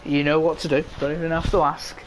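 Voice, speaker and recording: Guy with a high voice calling a sim race, throat going hoarse, bit of hiss behind. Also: flat delivery, quick pace. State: voice straining, throat giving out. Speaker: co-commentator. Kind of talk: sim racing commentary.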